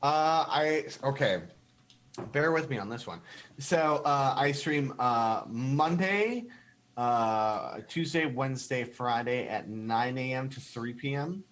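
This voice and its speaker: A man's voice: medium pitch, takes it slowly, fairly bright tone. A man in his thirties, a podcast guest, chatting casually in a loose, profane way with many fillers. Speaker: guest streamer.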